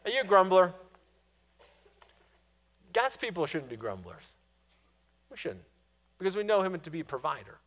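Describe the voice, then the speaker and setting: A man preaching a sermon, swinging from loud, pressing questions to hushed, quiet endings. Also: high-pitched, very animated, moderate pace, long pauses. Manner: dynamic preaching, rising to loud questions and dropping to hushed asides. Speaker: pastor.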